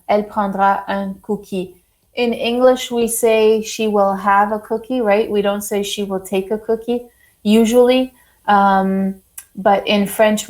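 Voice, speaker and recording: A woman teaching a French lesson to a class, slow and deliberate, praising students often. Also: mid-range voice, a little mellow, poor audio.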